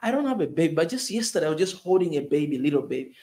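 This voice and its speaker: A man from Tanzania comments on the news in a loose, heartfelt way. His fairly high voice climbs as he repeats himself and keeps tossing in "man". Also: big pitch swings, rapid-fire, warm tone. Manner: emotional, repetitive, says "man" often, voice rising in outrage. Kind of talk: impassioned casual commentary.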